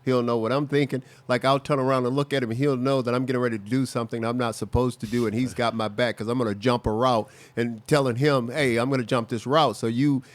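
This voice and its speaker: A man's voice: mid-range voice, fairly even intonation, fast talker, hardly any pauses, dry recording. A middle-aged man hosting a sports talk show, a former defensive player who tells stories in a heated way and stumbles over his words.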